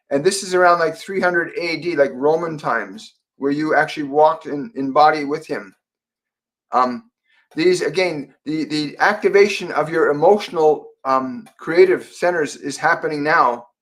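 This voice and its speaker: A man from Canada hosts a live online psychic reading session. His voice sits a touch higher than most men's, and he talks softly and haltingly, circling back to repeat phrases between fillers. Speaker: psychic medium host. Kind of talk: live-stream Q&A, channeling messages.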